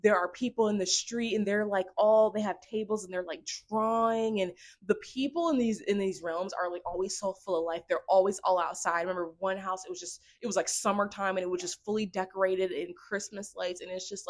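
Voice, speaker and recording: A young woman vlogger telling a story to camera in an excitable, rambling way, full of fillers. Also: mid-range voice.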